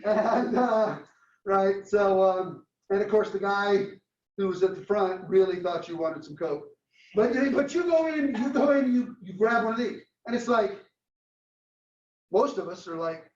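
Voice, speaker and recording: A man lecturing a marketing class, telling a story and acting out its dialogue in a lively way. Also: high-pitched, slow, long pauses. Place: lecture room. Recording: roomy, distant, dull classroom recording.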